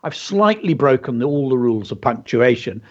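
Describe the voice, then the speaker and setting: A man hosts a radio show about writing, explaining a poem with enthusiasm and plenty of ums and uhs, his pitch moving in an animated way. His voice is slightly husky, and the broadcast sound is dull and lo-fi. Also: moderate pace. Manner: enthusiastic, explanatory, many fillers. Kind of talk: instructive radio talk.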